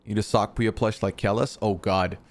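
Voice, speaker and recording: A man's voice: fairly low pitch, steady tone, normal speed. A young man from Canada, hosting a live stream in casual chat, answering his chat and teasing trolls with some swearing. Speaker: streamer host.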